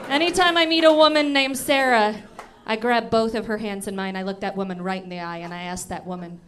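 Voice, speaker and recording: A woman's voice: on the high side, normal speed, crowd noise. A woman in her thirties doing a stand-up comedy set in a comedy club, telling self-mocking stories playfully into a handheld mic. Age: 30s.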